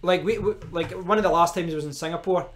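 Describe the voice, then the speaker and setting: A Scottish man, his voice sitting a little high for a man, chats through a live stream in an easy, rambling way. He picks up viewers' comments and talks back to them. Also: fast, a bit bright. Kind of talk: casual live-stream chat.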